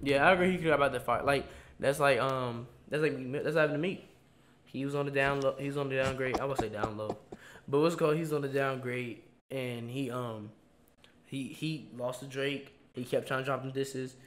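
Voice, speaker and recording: A young man co-hosting a casual podcast, animated and storytelling, often acting out the voices of people he describes and laughing as he goes. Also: medium pitch, fairly quick, slight background noise. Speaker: podcast co-host.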